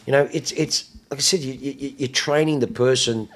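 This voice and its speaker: Aussie bloke podcast host, swears a lot, rambles, laughs mid-story, middle-pitched voice. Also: male voice, fairly even intonation, fairly quick. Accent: Australian. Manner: profane, rambling, laughs through his stories. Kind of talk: casual chat.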